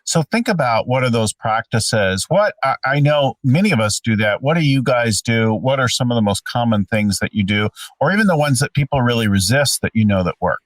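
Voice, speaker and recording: A man in a relaxed discussion who tells examples with animated rises and falls. He sits a little distant from the microphone. The sound is dry. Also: medium pitch, a little fast, hardly any pauses, dry recording. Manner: animated storyteller, asks questions. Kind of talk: conversational leadership talk.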